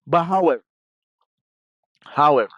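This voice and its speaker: A man's voice: on the high side, expressive, a little slow, dry recording, muffled recording. A young man telling a story in casual, rambling talk, full of slang and repeated restarts.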